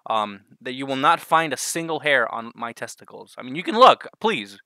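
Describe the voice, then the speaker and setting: Bright-voiced man ranting sarcastically. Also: medium pitch, sing-song, normal speed, no echo, studio quality. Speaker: vlogger. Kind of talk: mocking comedic rant.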